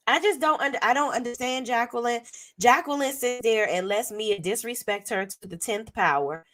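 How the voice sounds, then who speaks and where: A hoarse woman giving a blunt, sassy, profane commentary as a reality TV reviewer. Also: a little high, normal speed, fairly bright tone. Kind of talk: casual commentary.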